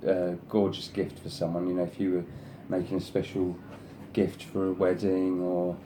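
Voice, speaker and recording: Against a noisy background, a man delivers everything completely flat at a moderate pace while hosting a craft video. He rambles casually through his design samples, praising each at length and saying "you know" a lot, and coaxes his pet in a higher voice. He's an adult whose sister is past thirty.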